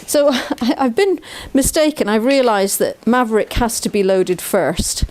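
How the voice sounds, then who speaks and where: A woman who trains horses talks through a session outdoors beside a trailer, explaining the training as she works and coaxing the animal along with upbeat praise. Her voice is on the high side with a darkish tone, at a measured pace with few pauses.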